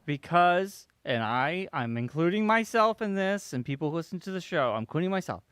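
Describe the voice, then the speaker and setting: Podcast host guy, bit high voice, loose and hesitant, lively up and down. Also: brisk, clear, resonant tone, dry recording, studio quality. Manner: loose and hesitant, many ums, steers the show. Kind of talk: casual chat.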